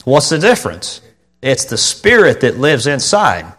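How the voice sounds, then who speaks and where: A man's voice: mid-range voice, wildly swooping pitch, unhurried, a bit bright. A man preaching a sermon, telling stories with emphatic, repeated phrases and sudden outbursts. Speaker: pastor.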